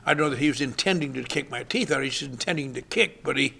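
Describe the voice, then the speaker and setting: A man's voice: mid-range voice, fast talker, gravelly, bright, forceful tone, a little hiss or hum. An older man sharing his recovery story with dry, wry humor at a convention. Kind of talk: recovery meeting talk. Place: convention hall.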